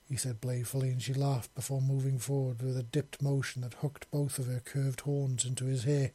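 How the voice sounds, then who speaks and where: A man narrating a romance story as an audiobook, steady, with small self-corrections. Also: mid-range voice, normal speed, few pauses, slightly rough, no echo.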